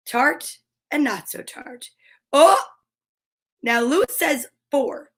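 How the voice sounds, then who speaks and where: A woman's voice: high-pitched, slow pace, long pauses. A woman hosting a casual live stream from home, chatting playfully and reading viewer comments aloud.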